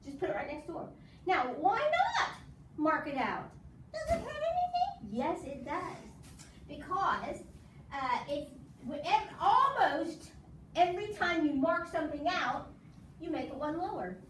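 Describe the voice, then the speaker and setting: Casting: patient woman tutor, high and lively voice, recorded far off in an echoey room. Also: measured pace. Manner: patient, coaxing, drills with call-and-response. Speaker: math teacher. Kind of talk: casual home math lesson. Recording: echoey room from far off, faint background noise.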